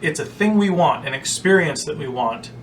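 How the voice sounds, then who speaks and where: A man's voice: animated, normal speed. A man giving a casual, chatty teaching talk on prayer, full of anecdotes and "like". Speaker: spiritual teacher. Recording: distant mic with faint rumble.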